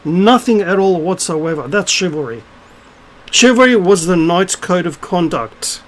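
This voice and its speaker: A man's voice: high voice, lively intonation, measured pace, low-quality recording. A middle-aged man talking to camera in a casual, blunt and scornful rant, swearing freely. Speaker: spiritual vlogger. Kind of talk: casual ranting monologue.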